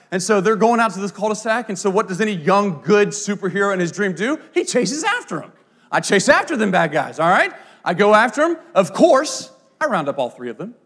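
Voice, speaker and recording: A high-voiced male pastor preaches an animated sermon built on storytelling. He's playful and often breaks off into asides.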